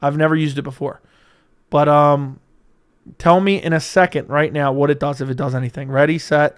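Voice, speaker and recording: A young man hosting a casual livestream from a room at home, talking close into a studio mic, joking and crude, with sudden loud bursts. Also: a little high, smooth. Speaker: livestream host. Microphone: close studio mic with audio interface.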